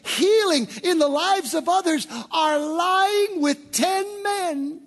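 A man preaching a sermon as pastor, rising to shouted peaks and dropping into playful, joking asides. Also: extremely high pitch, takes it slowly.

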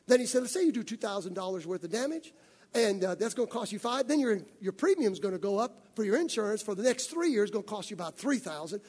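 A man playing a pushy rental car salesman who talks in a fast, upselling patter, with a husky, high voice. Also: lively intonation, darkish tone.

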